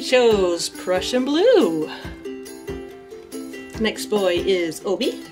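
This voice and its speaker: A woman's voice: mid-range voice, animated, measured pace, long pauses, over music. A woman in a casual home vlog, chatting about her pet rats with frequent laughs and cooing baby talk to them. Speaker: artist and vlogger introducing her pet rats.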